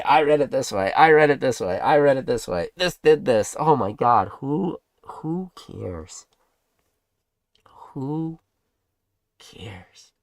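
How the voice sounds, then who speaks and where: This livestream host, a man with a medium-pitched voice, rambles through a casual rant, repeating rhetorical questions and swearing now and then. He reads out and greets viewers from the chat. The sound is clean studio audio with no room sound.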